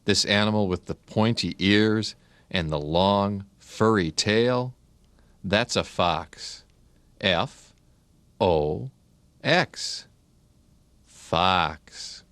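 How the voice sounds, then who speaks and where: A man's voice: lowish voice, extremely slow, pauses often, a bit bright, no echo. A man narrating a children's learning video, asking friendly questions and spelling each word letter by letter. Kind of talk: scripted narration.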